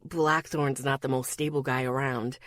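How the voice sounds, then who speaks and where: A woman voicing a judgmental teenage boy classmate who talks in a sharp, tense way. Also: extremely low pitch, fairly even intonation, moderate pace, no echo, studio quality, pitched below the performer's own voice.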